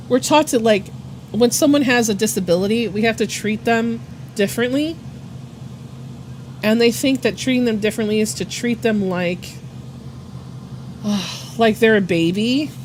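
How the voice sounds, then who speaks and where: Woman streamer, casual chat, loose and filler-heavy, slightly high voice. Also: a little mellow, slight background noise. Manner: rambling, filler-heavy, swears and laughs a lot. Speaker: art streamer.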